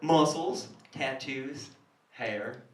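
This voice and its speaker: A woman's voice: a bass voice, extremely slow, full character voice. A man voicing a brash, crude rural woman reading her dating profile, in an echoey club recording from a distance.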